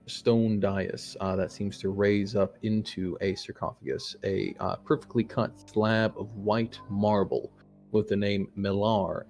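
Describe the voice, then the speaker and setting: A man's voice: on the low side, a little mellow. A man narrating a tabletop game as dungeon master, hesitant with many fillers. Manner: halting, frequent "uh" fillers.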